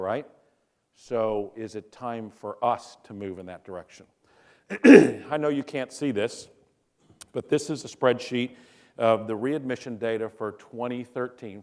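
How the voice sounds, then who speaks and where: A man's voice: mid-range voice, darkish tone. A middle-aged man speaks at a conference in a mid-range voice. He jokes, tells stories and keeps turning to the audience with questions. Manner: joking storyteller who questions the audience. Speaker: physician speaker. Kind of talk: conference talk.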